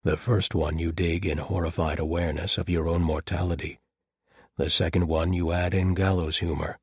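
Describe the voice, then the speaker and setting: Man doing a big paladin captain, deep voice, husky, deadpan, dry wit. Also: moderate pace, dry recording. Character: large, dry-humored male paladin captain.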